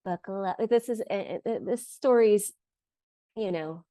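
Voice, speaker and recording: A woman's voice: mid-range voice, measured pace, warm tone, no echo, studio quality. A woman co-hosting a podcast, easygoing and supportive, starting to tell a story in casual chat. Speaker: podcast co-host.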